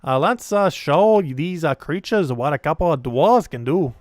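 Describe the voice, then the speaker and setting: A man voicing a gruff, stubborn male dwarf warrior with a New Jersey accent, halting with many uhs. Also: on the high side, expressive, dry recording, studio quality, faint music behind.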